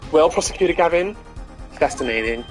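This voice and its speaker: A hoarse man voicing an older, easily impressed male judge who speaks in a formal, slightly bewildered way. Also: a little high, expressive, fairly quick, soft background music, close to an everyday voice.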